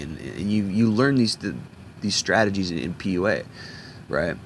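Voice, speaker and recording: A man with a very low voice rants straight to his audience. He talks bluntly, swears freely and keeps stumbling into restarts and repeats as he pushes his point. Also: lively intonation, moderate pace, a little hiss or hum. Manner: blunt, profane, repetitive restarts. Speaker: video commentator. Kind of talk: ranting monologue.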